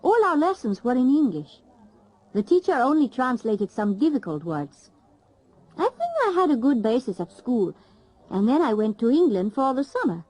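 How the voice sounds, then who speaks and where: A woman speaks with an animated, swinging pitch that sits a little high. She delivers a scripted language-lesson monologue in a clear, lively way. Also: moderate pace, rough recording. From Italy. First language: Italian. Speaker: learner recounting experience.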